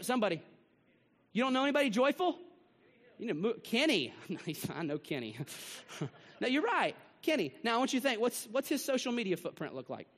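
A man preaching a sermon to his church, swinging between rising bursts and hushed drops. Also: high-pitched, big-room sound. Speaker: pastor. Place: church sanctuary.

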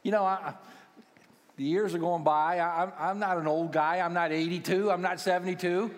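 Joking sixty-something pastor in a reverberant church. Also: male voice, sits high, fairly even intonation, moderate pace. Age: 60s. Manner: humorous, self-deprecating storytelling to a congregation. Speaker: pastoral care minister. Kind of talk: sermon. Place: large church auditorium. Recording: long church hall reverb.

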